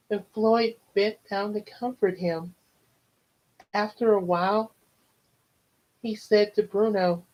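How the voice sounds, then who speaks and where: A woman slowly reading a storybook aloud, earnest and steady, voicing the characters as she goes. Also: medium pitch, poor audio. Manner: slow, earnest read-aloud delivery.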